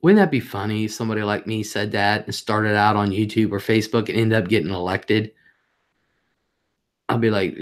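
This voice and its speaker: A woman's voice: rumbling low, moderate pace. A woman hosting a casual livestream, chatting straight to her viewers in a rambling, talkative way. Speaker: livestream host.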